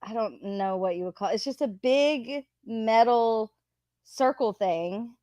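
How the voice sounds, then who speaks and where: Woman, livestream host, casual chat, swears freely, unhurried, dry sound. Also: a little high, mellow, no room sound. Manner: chatty, swears freely, greets viewers by name. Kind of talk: casual livestream chat reading viewer comments.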